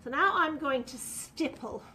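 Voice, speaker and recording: A woman's voice: high-pitched, a little slow, pushed and bright, a little hiss or hum. A woman, chatting through a live furniture painting demonstration and talking to viewers as she works. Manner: chatty, talks viewers through each step.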